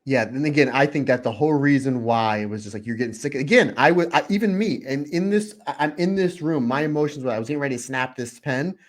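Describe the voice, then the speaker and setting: A man co-hosting a podcast in casual chat, talking excitedly and acting out his own reactions with open emotion. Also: medium pitch, quick pace, few pauses. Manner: openly emotional. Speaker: podcast co-host.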